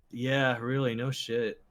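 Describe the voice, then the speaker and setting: Laid-back, swearing young man. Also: medium pitch. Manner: loose and profane, laughs often. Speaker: podcast co-host. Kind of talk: casual chat.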